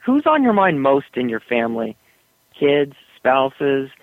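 Guy talking over a tinny phone line, dry sound, animated storyteller who laughs a lot. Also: measured pace, dry recording. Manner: animated storyteller, laughs often, puts on high doggy voices. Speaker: author guest.

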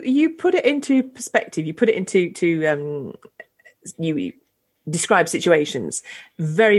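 A middle-aged woman host asking questions in a hesitant way, often restarting and searching for words. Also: low-pitched. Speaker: interviewer, host. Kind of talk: conversational interview.

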